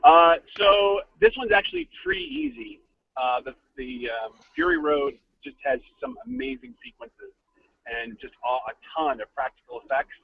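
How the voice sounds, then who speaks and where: A man's voice: on the high side, wildly swooping pitch, moderate pace, gravelly, highs cut off. A man co-hosting a casual podcast, eagerly giving his opinions and picks. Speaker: podcast co-host. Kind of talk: casual chat.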